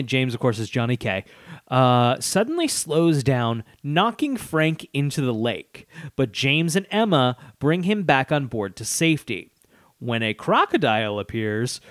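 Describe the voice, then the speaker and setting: A man's voice: on the high side, dry recording. A man co-hosting a casual podcast, reading a plot summary aloud with joking asides and frequent laughter. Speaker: podcast co-host.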